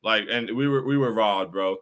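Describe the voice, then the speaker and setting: A man's voice: on the low side, moderate pace, fairly bright tone. A young man hosting a postgame livestream, frustrated and repetitive, often saying bro while reacting to chat. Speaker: postgame show host.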